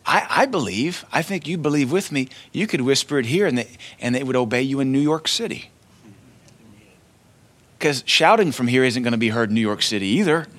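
A man preaching a sermon in a loose, conversational way, swinging between quiet asides and loud declarations. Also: medium pitch, expressive, fairly quick. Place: church.

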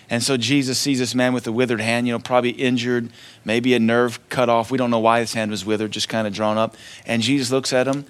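Conversational male preacher. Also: mid-range voice. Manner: conversational preaching, swings between loud declarations and quiet asides. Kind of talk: sermon. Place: church.

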